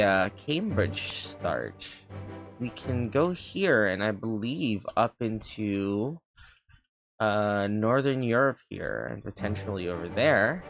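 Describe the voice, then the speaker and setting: A man's voice: on the low side, a bit bright. A man streaming a game, chatting casually and thinking aloud with lots of fillers. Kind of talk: casual gameplay commentary.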